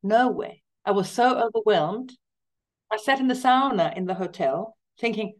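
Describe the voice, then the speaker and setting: A woman's voice: on the high side, normal speed, a little mellow. A middle-aged woman, a guest in a casual interview, telling stories enthusiastically and with emphasis. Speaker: guest, cookbook author.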